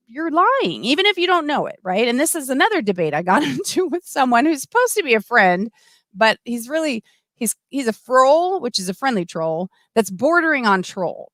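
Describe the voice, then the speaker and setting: A middle-aged woman hosting a casual livestream, chatty and animated, full of asides and restarts. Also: fairly high pitch, no room sound. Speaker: livestream host. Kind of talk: casual livestream talk, reading comments.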